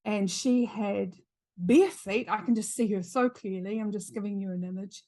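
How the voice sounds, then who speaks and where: A woman's voice: medium pitch, moderate pace, mellow. A middle-aged woman with a New Zealand accent, a podcast guest telling a story in earnest, repeating phrases for emphasis. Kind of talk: storytelling in an interview.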